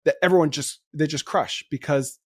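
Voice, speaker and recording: A man hosting a podcast in casual chat, excitable and quick to laugh as he riffs on ideas. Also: on the high side, husky, dry recording, studio quality. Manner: excitable, laughs easily, rapid riffing. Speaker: podcast host.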